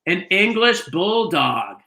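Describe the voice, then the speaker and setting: Chatty gushy bingo host calling numbers from a trailer, sharp bright voice, roomy echo. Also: medium pitch, big pitch swings, slow. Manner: chatty, gushing, rambling with many fillers. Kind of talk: live-streamed bingo calling and chat. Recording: echoey room, faint noise.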